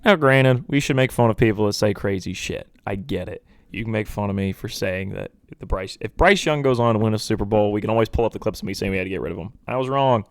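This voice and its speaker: A young man with a somewhat low voice talks through a casual solo sports podcast, rambling from point to point with animated swings. The sound is close and dry, with no room around it. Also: fast talker, creaky, few pauses, dry recording. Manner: rambling, animated, mocking impressions of pundits. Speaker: podcast host.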